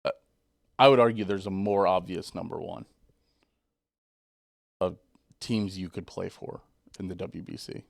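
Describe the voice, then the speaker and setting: A man's voice: deep voice, unhurried, vocal fry, long pauses, dry recording, clean studio sound. A young man co-hosting a podcast, casually teasing his co-host and poking holes in his arguments. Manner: teasing, plays skeptic. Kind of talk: casual banter.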